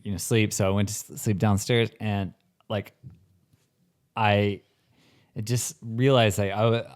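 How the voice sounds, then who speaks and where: A man's voice: fairly low pitch, steady tone, unhurried, smooth. A man in his forties, co-hosting a comedic podcast in a rambling, casual way, full of "like" and swearing. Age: 40s. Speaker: podcast co-host.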